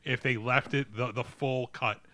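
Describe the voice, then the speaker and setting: A man's voice: mid-range voice, fairly even intonation, moderate pace, a crowd in the background. A man co-hosting a casual movie review podcast, sharing behind-the-scenes trivia and quizzing his friends. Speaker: podcast co-host.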